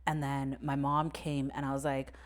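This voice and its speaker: A woman's voice: very deep voice, flat delivery, moderate pace. A young adult woman co-hosting a podcast, candidly telling a personal story with swearing and nervous laughter. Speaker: podcast co-host. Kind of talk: casual conversation.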